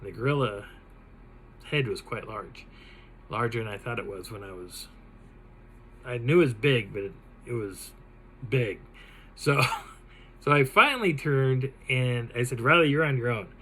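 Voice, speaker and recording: A man recounts a personal encounter for his channel. He tells it dramatically and with animation, and his voice sits at a plain middle pitch. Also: a little slow, long pauses, husky, low-quality recording. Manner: animated, dramatic retelling with laughs. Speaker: channel host. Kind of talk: telling a personal encounter story.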